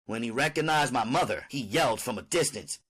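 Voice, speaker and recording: A man reading an audiobook in first-person narration, his pitch moving freely through the lines. The delivery is animated and steady, mid-range in voice. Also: brisk, slightly rough.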